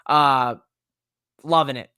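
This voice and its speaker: An excitable man hosts a casual live-stream show, talking in rambling bursts and piling on emphasis. His voice sits at an ordinary middle pitch. It is recorded close and dry, with no room sound. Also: slow, clean tone, no echo. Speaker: podcast host.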